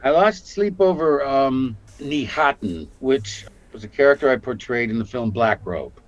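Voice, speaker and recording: An older man from Canada, an actor telling lively stories about his career in a casual interview. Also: mid-range voice, moderate pace, muffled recording. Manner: animated storyteller, acts out quotes. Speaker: guest actor.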